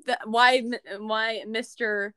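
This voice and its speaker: A teenage girl in casual chat, telling animated stories with laughter. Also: fairly high pitch, slow pace, smooth, no echo. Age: teens. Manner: chatty, animated, laughing storyteller.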